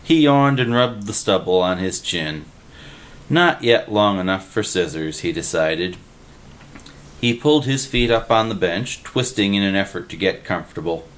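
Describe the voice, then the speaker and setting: In a measured, even storytelling style, a man with a fairly low voice reads scripted audiobook narration.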